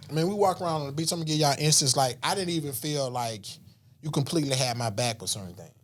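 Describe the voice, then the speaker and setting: A man from the Southern US, a podcast guest, tells a story in casual, slangy talk, acting out voices and whispers. His voice is a little high and he speaks fast.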